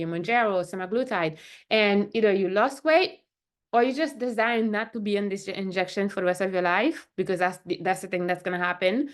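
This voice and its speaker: A woman who is a functional medicine doctor, talking casually to the camera in a chatty way and often checking in with "right?" and "okay?". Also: mid-range voice.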